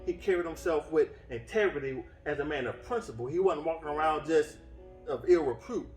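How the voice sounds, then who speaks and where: A man's voice: a little high, a little fast, darkish tone. A man preaching a sermon in an earnest way, often restarting his phrases, heard from some distance in a roomy space with faint music behind. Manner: earnest, with frequent restarts and fillers. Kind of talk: sermon teaching. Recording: roomy echo from off-mic.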